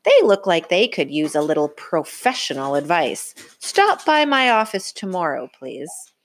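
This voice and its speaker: A woman reading aloud and voicing a brisk, matter-of-fact female bear doctor. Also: lowish voice, big pitch swings.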